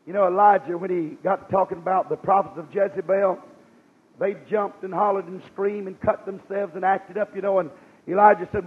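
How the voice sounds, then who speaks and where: A man's voice: high voice, fairly even intonation, a little fast, breathy edge, phone-quality sound. A man preaching a revival sermon in a folksy manner, putting rhetorical questions to his congregation and reading scripture aloud. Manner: reads scripture aloud in a rising cadence.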